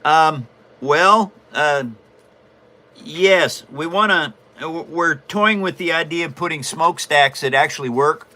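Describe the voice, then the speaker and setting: A man's voice: a little high, unhurried, sharp tone. A man hosting a live stream, chatting casually while he works on a paper model and answers viewers. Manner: chatty, explains while building, self-amused. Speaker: host and paper model builder.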